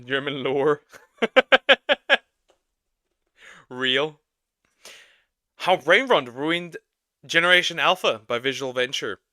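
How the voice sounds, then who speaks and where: A man streaming casual reaction commentary, laughing often and speaking in an animated way. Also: fairly high pitch, takes it slowly, pauses often, no room sound, studio quality.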